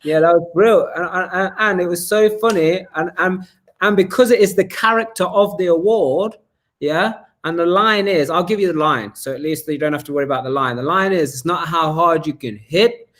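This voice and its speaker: A man's voice: high voice, brisk, a bit bright. A man hosting a live-stream chat, talking energetically and rambling with restarts over a video call. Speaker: host.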